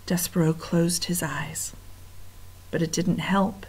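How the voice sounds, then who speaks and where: A woman reading a children's book aloud, expressive and dropping to whispers for suspense. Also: lowish voice, slow pace, husky. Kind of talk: storybook read-aloud.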